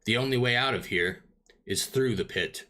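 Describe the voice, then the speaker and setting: A man's voice: mid-range voice, moderate pace, bright, forceful tone, lightly acted. A man voicing a bitter former nobleman who now keeps order among prisoners, stern and short-tempered as he explains.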